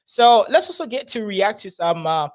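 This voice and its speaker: A man's voice: high-pitched, very animated, normal speed. A man hosting casual political commentary, chatty and often laughing. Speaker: host.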